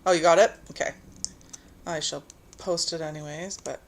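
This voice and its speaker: A woman's voice: deep voice, fairly even intonation, normal speed, slight background noise. A woman hosting a casual sewing livestream from home, chatting and reading viewer comments while she stitches. She is easily distracted and laughs at herself. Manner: reads viewer comments aloud. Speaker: quilting livestream host.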